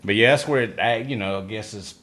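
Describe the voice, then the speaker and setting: A man in his fifties from Alabama with a Southern drawl, co-hosting a casual podcast chat and talking in halting, rambling runs. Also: lowish voice, a bit bright. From Alabama, USA. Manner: rambling, halting, quick to laugh. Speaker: podcast co-host.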